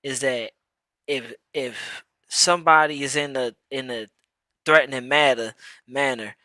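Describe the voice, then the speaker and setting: A man's voice: medium pitch, a little slow, sharp tone, no echo. A man co-hosting a casual live-streamed talk show, slangy and repeating words as he builds his point. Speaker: podcast co-host.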